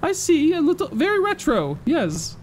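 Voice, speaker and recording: A man's voice: very high voice, wildly swooping pitch, normal speed, a little hiss or hum, heavily acted. A man voicing a prim, doting British mother with a put-on British accent, gushing and exclamatory in game role-play.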